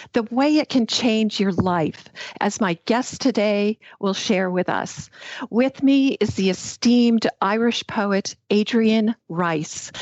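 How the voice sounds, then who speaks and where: A woman hosting a podcast, reading a warm, enthusiastic introduction and then interviewing her guest. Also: mid-range voice, dry recording, muffled recording. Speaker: podcast host.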